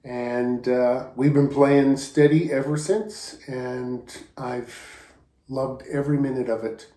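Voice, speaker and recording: A man, a guest steel guitar player, giving a slow, tender spoken tribute to a friend that moves him to emotion. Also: medium pitch, fairly even intonation, mellow, echoey room.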